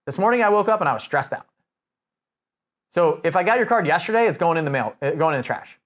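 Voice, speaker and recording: A man with a fairly high voice talks through real estate marketing advice in a relaxed coaching manner. He speaks loosely, often restarting sentences and dropping in fillers as he goes. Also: quick pace. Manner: conversational, many restarts and fillers. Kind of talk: casual coaching talk. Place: Nashville.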